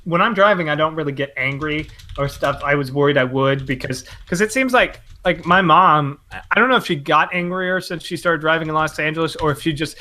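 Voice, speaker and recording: A man with a bright, slightly high voice chats casually on a podcast. He rambles and restarts, joking at his own expense and swearing often. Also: a little fast, hardly any pauses. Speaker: podcast host. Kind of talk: casual chat.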